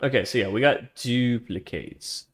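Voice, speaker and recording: A man's voice: mid-range voice, unhurried. Man chatting casually while coding live. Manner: loose and chatty, trailing into quiet muttering while working; slangy, with laughs between phrases. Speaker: streamer coding a trading engine.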